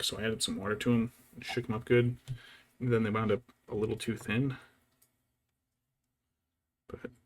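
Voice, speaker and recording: A man casually chatting and muttering to himself as he paints a miniature for his stream. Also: medium pitch. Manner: relaxed, muttering to himself as he works. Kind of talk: casual chat while painting.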